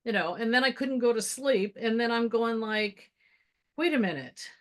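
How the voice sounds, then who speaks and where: A woman participant in an online class, casually telling a story in an animated way. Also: on the high side, moderate pace. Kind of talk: casual group class talk.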